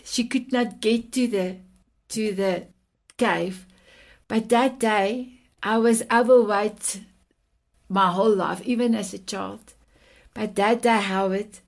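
A woman's voice: on the high side, gravelly. A woman in her fifties from South Africa with a South African accent and Afrikaans as her first language, telling her personal story as a podcast guest in a heartfelt, affectionate way. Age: 50s. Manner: heartfelt, affectionate, repeats endearments.

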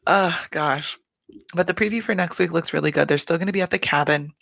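A casual podcast host recaps a reality show in a loose, rambling, profane way. The voice is gravelly with lots of vocal fry, at an ordinary pitch. It is recorded close and dry on a home mic. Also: fairly quick, a bit bright, dry recording. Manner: gushing and profane, chatty and rambling.

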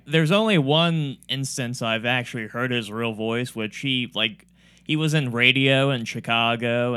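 A man with a bright, smooth voice talks casually on a podcast. He rambles through his points, full of "um"s and restarts. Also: medium pitch. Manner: rambling, many fillers and restarts. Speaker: podcast host. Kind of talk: casual chat about comedy.

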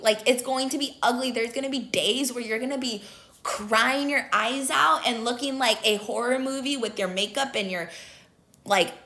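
Young woman, kinda high voice, talking earnest and emphatic like a pep talk, lots of "like"s. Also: pushed and bright. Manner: earnest, emphatic, uses many fillers. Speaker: motivational speaker. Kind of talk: casual motivational talk.

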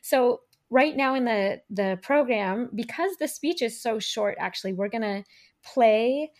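A woman's voice: on the high side, animated, a little slow. A woman co-hosting a podcast, chatting casually and setting up the speech clips with conversational explanations. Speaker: podcast co-host. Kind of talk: casual chat.

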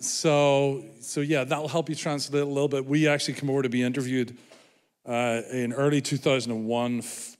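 A man with an Irish accent preaching a sermon in a church, joking with the congregation about himself. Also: medium pitch. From Ireland. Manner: self-deprecating, joking with congregation. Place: church hall. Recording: reverberant church hall.

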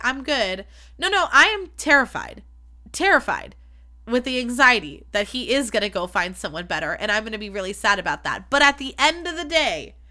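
Bright, frank woman podcast host. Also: fairly high pitch. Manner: frank, swears freely, chatty and self-deprecating. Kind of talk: candid solo podcast talk.

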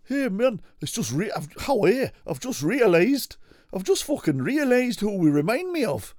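A man's voice: sits high, sing-song, normal speed, darkish tone, no echo, studio quality, voice pushed up. A man putting on sweary ageing rocker blokes. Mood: bantering. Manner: sweary, bantering. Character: two bickering ageing rock-loving blokes.

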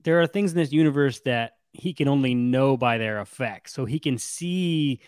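A young man co-hosting a casual chat, retelling a story with lively, acted-out quotes. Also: mid-range voice, moderate pace, clear, resonant tone, dry recording, clean studio sound. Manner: animated, acts out quotes with shifts in voice. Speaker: podcast co-host recapping a novel.

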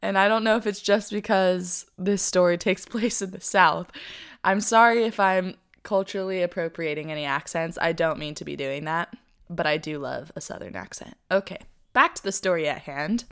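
A woman's voice: fairly low pitch, moderate pace, clean tone. Chatty young woman telling a story. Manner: chatty, animated, laughs often. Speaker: podcast co-host. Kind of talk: casual storytelling chat.

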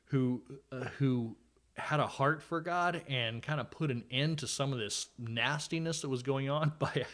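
A man with a mid-range, fairly bright voice and a measured pace hosts a podcast, chatting casually about scripture with a guest. His Bible study talk is conversational, peppered with fillers and dry, occasional sarcasm.

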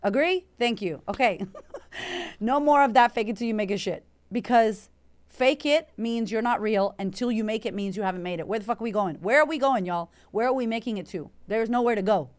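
This is a woman from Puerto Rico running an Instagram live as a confidence coach, and her voice sits a little higher than most. She talks in a brash, energetic way and swears freely. She reads out viewer comments and answers them on the spot. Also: fairly quick. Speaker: confidence coach and podcast host.

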